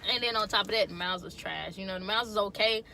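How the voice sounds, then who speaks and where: A woman's voice: medium pitch, fast, vocal fry, bright, forceful tone, a little hiss or hum. A young woman truck driver chatting casually to her viewers in a loose, slangy way. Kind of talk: casual chat to camera.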